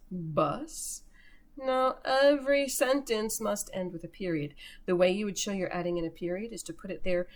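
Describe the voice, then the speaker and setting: A woman teacher giving a recorded remote lesson to young children, slowly sounding out words for early readers. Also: fairly low pitch.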